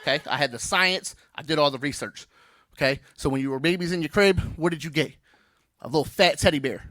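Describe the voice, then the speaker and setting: Brash stand-up comic, bright voice. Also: male voice, fairly high pitch, fairly quick, dry recording, studio quality. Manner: brash, playful, crowd-teasing. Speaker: stand-up comedian. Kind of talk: stand-up comedy set. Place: comedy venue stage.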